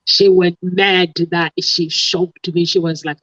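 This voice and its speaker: On a casual online talk show, a man rambles through an anecdote, restarting often and leaning on fillers. His voice sits high and a bit bright, delivered flatly at a slow pace. The lo-fi audio sounds dull and dry, with no room sound.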